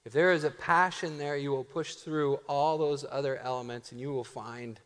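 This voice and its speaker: A man preaching in a church, telling stories with animated, self-mocking energy. His voice sits at a medium pitch. Long reverb from the sanctuary trails his words. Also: moderate pace. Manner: animated, self-deprecating, varied delivery. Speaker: pastor. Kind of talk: sermon storytelling.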